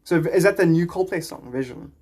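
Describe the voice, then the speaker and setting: A man's voice: a little high, fast, darkish tone, husky. A man chatting on a live stream, reading viewers' comments and rambling into spiritual musings.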